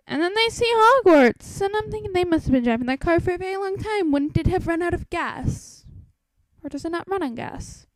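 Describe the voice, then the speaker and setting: A woman's voice: very high voice, lively intonation, brisk, dry recording, low-quality recording. A young woman chatting about a book she is reading, asking nitpicking questions in a casual, quizzical way. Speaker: book commentator. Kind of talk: casual spoken book commentary.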